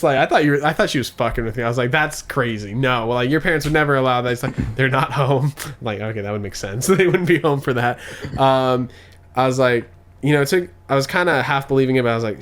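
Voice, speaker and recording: A man's voice: mid-range voice, fast talker, a bit bright, a little hiss or hum. Rambling, laughing young man. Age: 20s. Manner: rambling storyteller, laughs often, swears. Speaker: podcast co-host. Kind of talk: casual chat.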